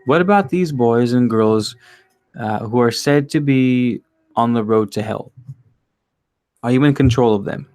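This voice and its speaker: A man's voice: mid-range voice, measured pace, long pauses, darkish tone, faint music behind, lightly acted. A man reading aloud as an interviewer who asks the devil probing questions, in a plain, earnest way.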